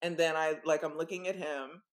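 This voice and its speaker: On her podcast, a young female co-host rambles through a story with plenty of "like" and "um," acting out voices along the way. Her low voice holds a steady tone at a normal speed.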